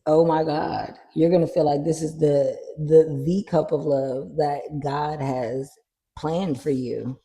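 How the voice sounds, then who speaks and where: A tarot reader chatting casually through a card reading, animated and swearing freely. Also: medium pitch, slow pace, gravelly. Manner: animated, swears freely, acts out little scenes.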